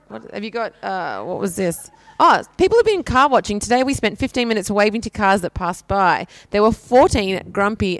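A young woman, hosting a camp radio show and reading shout-outs in a chatty, playful way. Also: mid-range voice, no room sound. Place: small camp radio studio.

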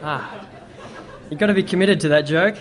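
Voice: mid-range voice, moderate pace, some chatter behind. A speaker at a church talk, casually telling a rambling joke full of fillers.

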